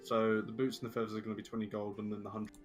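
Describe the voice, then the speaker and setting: Fast-talking male gamer. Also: on the low side, flat delivery, faint music behind. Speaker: player. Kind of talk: casual tabletop chat.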